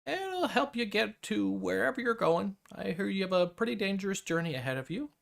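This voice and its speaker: A man voicing an elderly woman healer in a tabletop game, calm, matter-of-fact and quietly teasing. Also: sits high, a little fast, creaky, voice pushed up, full character voice. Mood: sly.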